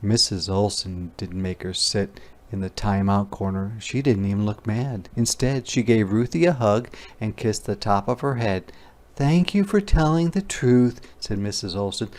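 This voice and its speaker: A man in his sixties reading a picture book aloud to young children, pausing to explain words simply. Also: on the low side, fairly even intonation.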